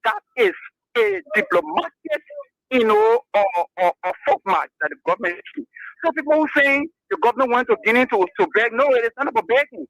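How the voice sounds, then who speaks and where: Liberian man, radio caller, bright gravelly voice, argumentative. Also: very high voice, lively intonation, fairly quick, no echo, poor audio. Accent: Liberian English. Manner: argumentative, repeats himself. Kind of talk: call-in radio opinion.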